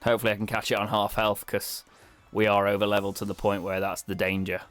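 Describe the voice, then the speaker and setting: A man's voice: fairly low pitch, completely flat delivery, fast talker, fairly bright tone, soft background music. Dry-humoured young British man. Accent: British English. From Britain. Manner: chatty, wry, self-mocking asides. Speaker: let's play streamer. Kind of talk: casual gameplay commentary.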